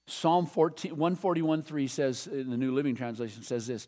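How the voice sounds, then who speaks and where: A man preaching a sermon as pastor, animated, reading scripture and leading prayer. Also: mid-range voice, normal speed, hardly any pauses. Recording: long hall reverb.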